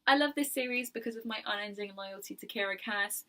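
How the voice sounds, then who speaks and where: A young woman chatting casually about books in her video, enthusiastic and quick to laugh. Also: medium pitch, sharp tone. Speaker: book vlogger. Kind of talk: casual chat.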